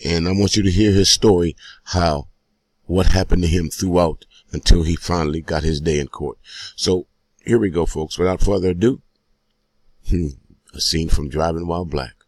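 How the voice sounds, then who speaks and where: Male host, very low voice, emphatic, direct address to audience, dry recording. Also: steady tone, moderate pace, no echo. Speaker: host presenting a documentary clip. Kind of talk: casual commentary to viewers.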